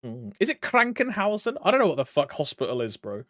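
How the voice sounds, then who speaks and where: A man's voice: sits high, wildly swooping pitch, a little fast, fairly bright tone, no room sound, clean studio sound. A man streaming a game, chatting casually, joking around, swearing now and then and humming to himself. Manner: joking, loose, swears freely, hums to himself. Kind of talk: casual gameplay chat.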